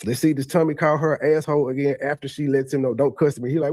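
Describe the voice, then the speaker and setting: A man's voice: on the high side, quick pace, few pauses, a little mellow, dry recording. A man hosting a casual reaction commentary, talking in looping, stammering restarts. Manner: repetitive stammering restarts, conversational. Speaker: commentary host reacting to a replayed clip.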